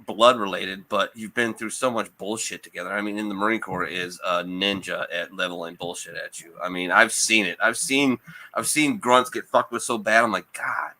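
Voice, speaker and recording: A man's voice: on the low side, steady tone, normal speed, sharp tone. A man hosting a podcast, telling stories in a loose, casual way with plenty of swearing. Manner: loose, profane storytelling. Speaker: podcast host. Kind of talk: casual chat.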